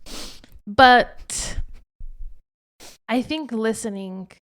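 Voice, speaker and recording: A young woman chats freely on her own podcast while her husband interviews her. She is expressive and talks in a loose, conversational way, with plenty of "like"s. Her voice sits at an ordinary middle pitch for a woman. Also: a little slow. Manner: chatty and expressive, frequent filler "like". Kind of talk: casual conversational chat.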